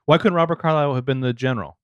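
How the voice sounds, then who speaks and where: A man's voice: mid-range voice, rapid-fire, smooth, dry recording, highs cut off. A man co-hosting a casual movie review podcast, dropping wry jokes and asides. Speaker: podcast co-host.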